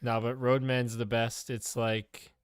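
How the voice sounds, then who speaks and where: A man's voice: mid-range voice, little pitch movement, slow, smooth, dry recording, studio quality. A young man co-hosting a live stream, teasing and playful in casual chat. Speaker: co-host.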